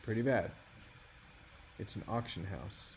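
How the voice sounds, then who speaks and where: A man's voice: on the low side, a little slow. Casual streamer guy in his thirties, chatty and self-mocking, faint noise behind. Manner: frustrated, rambling, self-deprecating. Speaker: livestream host. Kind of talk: casual livestream chat.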